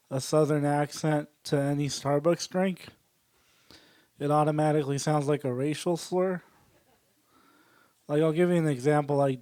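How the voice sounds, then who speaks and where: A man doing a stand-up set, working the crowd with deadpan absurd jokes. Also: on the high side, clean tone, dry recording. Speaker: stand-up comedian. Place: small comedy venue.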